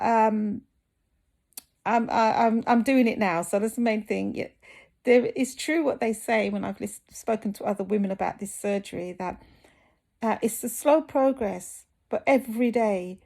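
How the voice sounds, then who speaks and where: A tired woman from the UK talks openly to the camera, her voice dropping into a gravelly fry. She hesitates often, filling pauses with ums and restarting her sentences. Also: medium pitch, warm tone. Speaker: fitness vlogger recovering from surgery. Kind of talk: candid talking-to-camera vlog.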